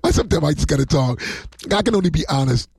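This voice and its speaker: A male pastor preaching to viewers on a livestream, talking in a slightly high voice. He rambles from story to story with heartfelt, excitable energy. The sound is close and dry, with no room around it. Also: quick pace, creaky, husky, dry recording. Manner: rambling, emotional, excitable, laughs often.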